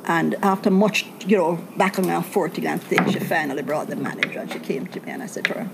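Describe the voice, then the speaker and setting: Jamaican woman telling a story, gravelly. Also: on the low side, brisk, hardly any pauses. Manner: animated storyteller, acts out quoted voices. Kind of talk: casual storytelling chat. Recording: loud background noise.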